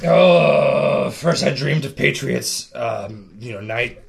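A man putting on a paranoid conspiracy broadcaster who rambles on with total earnestness and keeps working himself into emotional outbursts. His voice is thick with gravelly fry at a middling pitch. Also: takes it slowly. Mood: conspiratorial. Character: blustering paranoid conspiracy talk-show man. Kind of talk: improv comedy impression.

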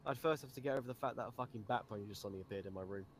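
A man's voice: lowish voice, very fast, a little hiss or hum. A British man chatting as a podcast guest in a blunt, sweary way with dry humor. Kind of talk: casual chat.

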